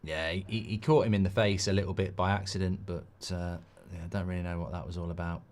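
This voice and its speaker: A man's voice: low voice, steady tone, quick pace, vocal fry, darkish tone. A man hosting a live football watchalong, chatting in a rambling way and reading out viewer comments. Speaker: host.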